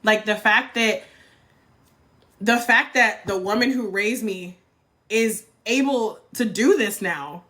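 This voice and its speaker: A woman's voice: medium pitch, slow pace, a bit bright. A woman, giving a blunt, fired-up motivational livestream talk and swearing freely. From North Carolina, US. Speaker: livestream host.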